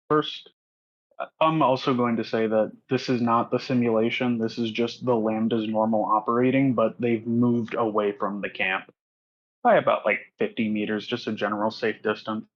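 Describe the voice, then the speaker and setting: A man in a tabletop game calmly coaching a player through a scene as co-game master. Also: fairly low pitch, normal speed. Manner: calm, coaching delivery. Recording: dull lo-fi mic.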